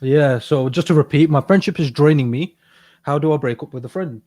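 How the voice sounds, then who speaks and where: A man's voice: fairly high pitch, a little fast, warm tone. A man co-hosting a casual advice podcast in a studio, talking hesitantly with many fillers and frequent laughs. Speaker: podcast co-host.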